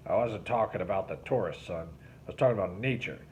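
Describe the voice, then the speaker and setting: A man's voice: lowish voice, quick pace, a little mellow, natural voice. A man voicing a blunt, outspoken middle-aged father who speaks with a wry edge. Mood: indignant. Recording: slightly dull recording with faint hiss.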